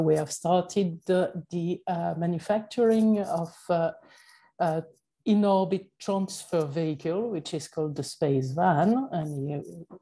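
A woman with a French accent giving a conference presentation, speaking haltingly with many fillers and self-corrections. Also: sits low, vocal fry, warm tone, low-quality recording. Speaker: panel speaker.

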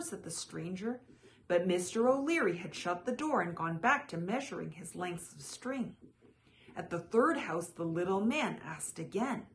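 A woman storyteller reading a children's picture book aloud with expressive, slow dramatic phrasing. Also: fairly low pitch, slight background noise.

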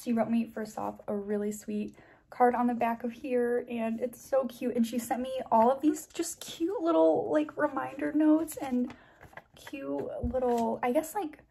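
Young woman vlogger, kinda high voice, husky, gasping and gushing over everything. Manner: gushing, excited, gasping thanks. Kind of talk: casual chat to camera.

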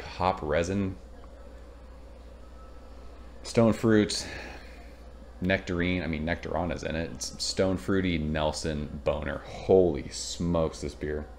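Deep-voiced man from Southern California, thirties, chatty home beer-review vlogger, rambles, gets excited, swears casually. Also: slight background noise.

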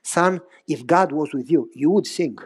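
A man voicing his old grandfather, a carpenter, speaking gently and lower than his usual voice. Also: normal speed, husky. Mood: gentle rebuke. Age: older.

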